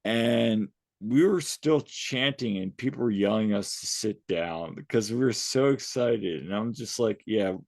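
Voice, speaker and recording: A man co-hosting a podcast, telling rambling, excitable stories in casual chat. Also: lowish voice, a little slow, vocal fry, few pauses, no echo. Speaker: podcast co-host.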